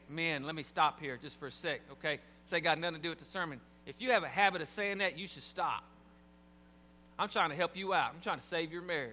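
A man's voice: sits high, bright, forceful tone, long reverb tail, slight background noise. A man preaching a sermon in a church, talking conversationally with humor and asides to the congregation. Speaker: pastor. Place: church sanctuary.

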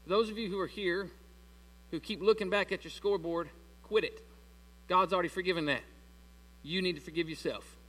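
A man's voice: sits high, fairly quick, fairly bright tone, big-room sound, poor audio. A man in his late thirties preaching a sermon to his church in a loose, conversational way, talking straight to the congregation. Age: 30s. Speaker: pastor. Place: church hall.

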